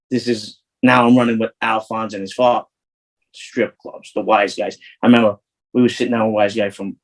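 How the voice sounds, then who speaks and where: A man's voice: fairly low pitch, low-quality recording. A man, an interview guest telling rambling, profane street stories full of restarts. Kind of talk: casual storytelling.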